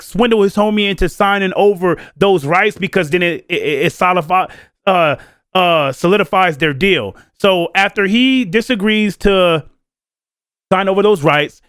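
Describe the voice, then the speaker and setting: Male podcast co-host, high voice, animated casual talker, dry close mic. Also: clean tone, no room sound. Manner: animated, laughing, acts out quoted people.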